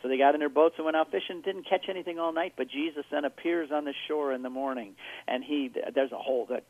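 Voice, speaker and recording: A man giving an animated, storytelling-style account as a guest on a radio interview, heard over a phone line. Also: fairly high pitch, fast. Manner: animated storytelling, acting out characters.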